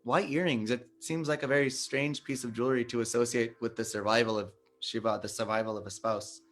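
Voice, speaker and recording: Male devotional speaker, mid-range voice, measured storytelling delivery, soft music in the background. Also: medium pitch, fairly even intonation. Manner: measured, explanatory, stresses sacred names. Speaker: satsang speaker.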